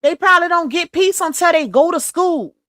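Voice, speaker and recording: A woman's voice: very high-pitched, animated, brisk, fairly bright tone, dry recording, clean studio sound. A woman from Louisiana hosting a casual livestream, talking bluntly and emphatically straight to her viewers. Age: adult mother. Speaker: livestream host.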